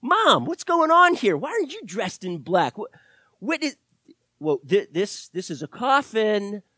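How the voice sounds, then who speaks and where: A man voicing a young man just raised from the dead, confused and firing off questions in a raised, higher voice. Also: sing-song, a little slow, sharp tone, no echo, studio quality, exaggerated voice. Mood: bewildered.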